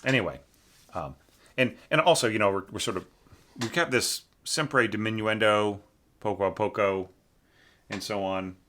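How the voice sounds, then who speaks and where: A man's voice: fairly low pitch, moderate pace, long pauses, sharp tone. A man giving a casual spoken critique of a student's orchestration, with lots of fillers and tag questions. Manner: informal, hums and scats musical lines to show phrasing. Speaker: orchestration teacher reviewing a student score.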